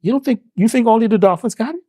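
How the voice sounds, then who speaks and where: A spiritual healer and herbalist, being interviewed as a guest, preaches his teachings emphatically with rhetorical questions and slang. His extremely high voice is fast, dark in tone and slightly rough, in a studio-quality recording with no echo.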